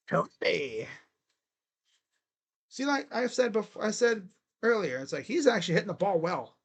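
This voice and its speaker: A man doing excitable live play-by-play as a fan, cheering, chanting and grumbling at his team. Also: high-pitched, normal speed, pauses often, breathy edge. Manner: animated, cheering and chanting, swings to muttered grumbling. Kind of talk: excited live game commentary.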